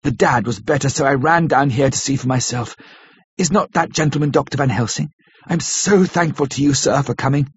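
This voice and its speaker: An earnest young man pleads eagerly, full of devotion, as a male narrator voices him. The voice is husky and mid-pitched. The recording is dull and lo-fi. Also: brisk, dry recording. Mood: anxious.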